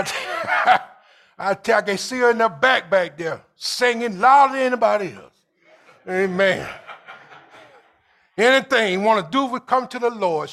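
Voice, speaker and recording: A man preaching with a high, bright and gravelly voice, climbing into shouts and stretching words out slowly. He calls out to his congregation and waits for them to answer. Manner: preaching with shouts and drawn-out phrases. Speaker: pastor. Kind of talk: call-and-response sermon.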